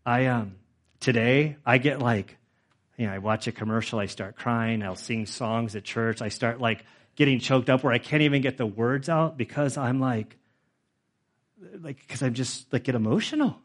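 A man's voice: medium pitch, moderate pace. A middle-aged male pastor giving a conversational sermon, with frequent fillers, who grows emotional as he goes.

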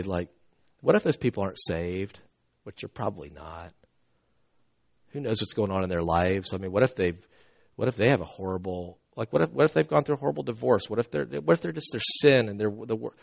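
A man preaching a conversational sermon, telling stories with swings from soft asides to loud outbursts. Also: on the low side, creaky. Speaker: pastor. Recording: dull lo-fi recording.

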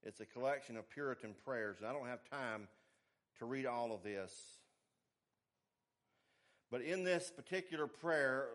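A man preaching a sermon, emphatic, swinging between hushed asides and forceful exhortation. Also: medium pitch, measured pace, pauses often.

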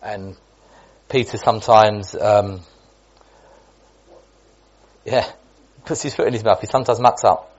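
A man's voice: on the low side, fairly even intonation, measured pace, pauses often, highs cut off. A man giving an informal Bible teaching in a chatty way, restating points and restarting often. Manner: chatty, repetitive, with many restarts and asides.

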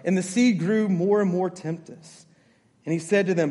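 A man's voice: high-pitched, moderate pace, dark tone, in a large hall. A man pastor delivering a sermon, emphatic, repeating his key phrases and checking in with the congregation.

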